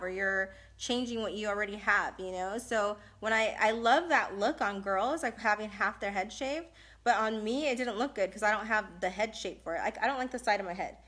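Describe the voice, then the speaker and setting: Her voice sits at a medium pitch with a slightly bright quality. She's a thirtysomething Californian hosting a live stream, fielding viewer questions in a casual, blunt way and laughing a lot.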